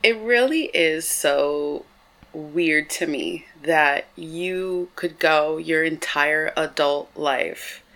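A woman's voice: low voice, extremely slow, a bit bright. A young woman co-hosting a comedy podcast, blunt and laughing, reading listener questions. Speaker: podcast co-host. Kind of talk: casual comedic chat.

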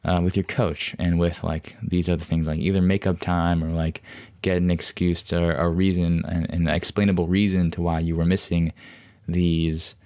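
A man voicing a quick-tempered male high school counselor who lectures and scolds a student. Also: little pitch movement, dark tone, no echo, clean studio sound. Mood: lecturing.

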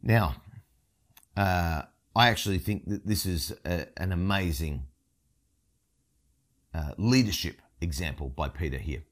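A man preaching a sermon, telling a story with expressive emphasis. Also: low voice, a little slow, pauses often. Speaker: pastor.

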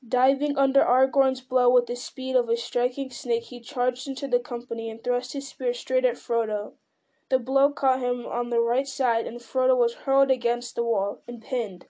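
Woman reading a fantasy book out loud, kinda high, mellow, dramatic with little slips. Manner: dramatic storytelling with occasional slips. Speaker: reader. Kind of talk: reading a fantasy novel aloud.

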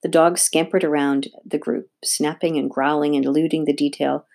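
A woman reading a children's novel aloud with steady, expressive narration. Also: deep voice, moderate pace, gravelly. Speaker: audiobook reader. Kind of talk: read-aloud storybook narration.

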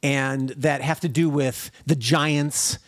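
A man's voice: medium pitch, slow, no echo, studio quality. A man on a video call, a novelist guest chatting casually and jokingly in a podcast interview. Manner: friendly, joking, animated.

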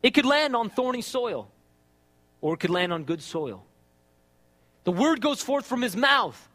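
Animated high-voiced man preaching in a hall. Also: unhurried. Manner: animated, conversational, asks "right?" often. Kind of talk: sermon.

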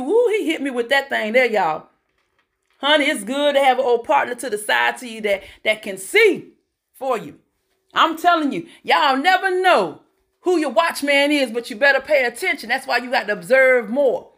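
Woman, motivational speaker, high pitch, bright tone, preachy call-and-response. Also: lively intonation, normal speed. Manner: preachy, call-and-response, addresses listeners as y'all and honey. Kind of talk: motivational talk.

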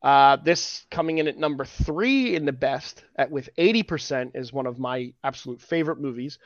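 A man's voice: medium pitch, normal speed, dry recording. Joking male podcast host, dry dull sound. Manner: jokey, reads out rankings and news items. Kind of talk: casual chat about geek news.

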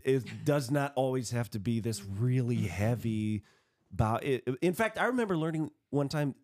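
A man's voice: medium pitch, lively intonation, a little mellow. Chatty male podcast host. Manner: chatty, rambling, quick to laugh. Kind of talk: casual chat.

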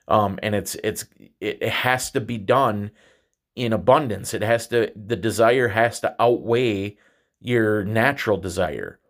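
A man hosting a podcast, talking through a reflective religious monologue in a halting way, often restarting and repeating words. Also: on the low side. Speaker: podcast host.

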